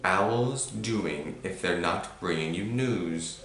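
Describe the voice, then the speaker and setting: A man voicing a thin, sharp-tongued aunt who speaks in hushed, accusing tones. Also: lowish voice, wildly swooping pitch, brisk. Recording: roomy echo.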